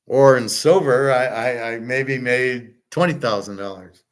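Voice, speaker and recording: A man's voice: medium pitch, unhurried. A man hosting a casual livestream, answering viewers' chat questions in a blunt, opinionated, rambling way.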